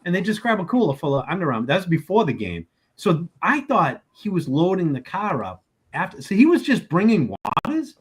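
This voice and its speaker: A man hosting a podcast, joking with his co-host and laughing often. His voice is somewhat husky and a bit high, and it swings up and down a lot. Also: very animated, a little fast. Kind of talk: casual chat.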